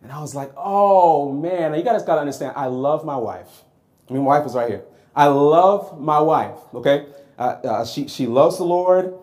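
A man preaching a sermon, telling a personal story in a lively, conversational way and acting out his own reactions. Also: medium pitch, fairly quick.

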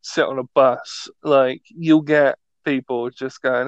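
A man's voice: medium pitch, fairly even intonation, a little slow. A British man in casual podcast chat, ranting with a sarcastic edge and tossing in "mate" and "right?" as he goes. His voice sits in a plain middle register, and the audio comes through slightly muffled, lo-fi and close, with no room echo. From Britain. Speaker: podcast co-host.

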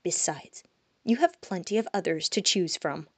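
A calm female demon from a storybook, low and hushed, holding dark secrets as a woman narrator gives her voice. The recording is close and dry. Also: normal speed, slightly rough, no echo. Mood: commanding. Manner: low, hushed, often whispered.

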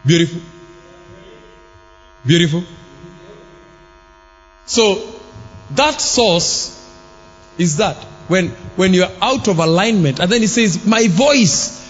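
Man, preacher, rhetorical questions, fairly high voice, long hall echo, faint music behind. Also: lively intonation, slow, long pauses. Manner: rhetorical questions to the congregation, bursts of shouting. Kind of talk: sermon.

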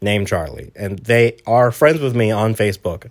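A young man with a fairly low voice talks loosely and rambles through his stories. He laughs often and keeps it casual, like a guest on a relaxed podcast. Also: moderate pace. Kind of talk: casual chat.

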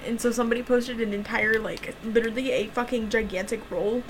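A young adult woman co-hosts a podcast of casual chat and true crime stories, chatty and sarcastic, swearing freely and laughing often. Her slightly high voice holds a steady tone at a slightly fast pace. The audio is poor, with a little hiss or hum.

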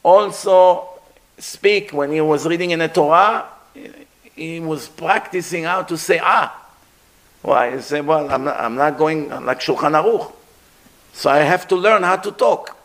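An aged man giving a religious lecture, animated and conversational, acting out the sounds he describes. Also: a little high, unhurried. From Middle East. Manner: animated, demonstrates throat sounds, conversational asides.

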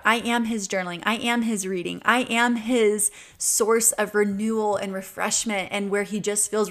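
A woman's voice: medium pitch, fairly bright tone. Chatty twenties woman podcasting, earnest, laughs a lot, says like a ton. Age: 20s. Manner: earnest, chatty, laughs often, many "like" fillers. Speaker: podcast host. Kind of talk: casual reflective monologue.

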